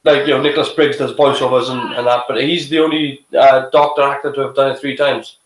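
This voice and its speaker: A man's voice: medium pitch, steady tone, a little fast, slight background noise. Chatty man reviewing in an echoey room. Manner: hesitant, opinionated, many restarts. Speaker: show host reviewing TV. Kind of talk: casual live reaction chat.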